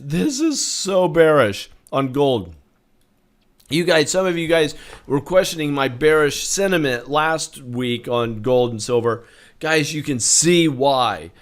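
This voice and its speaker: Emphatic man walking through stock charts. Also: fairly high pitch. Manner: emphatic, repeats words, swings loud and soft. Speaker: market analyst host. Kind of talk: chart review talk to camera.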